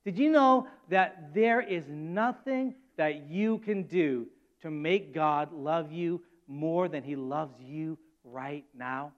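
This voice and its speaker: A man preaching a sermon as pastor, animated and acting out quoted voices with rising emphasis. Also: fairly high pitch, takes it slowly, muffled recording.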